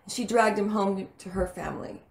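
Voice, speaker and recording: A woman from El Paso telling stories about her childhood in a casual interview, chatty and animated. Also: mid-range voice, fairly quick, gravelly, reverberant. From El Paso, Texas. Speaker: actress guest.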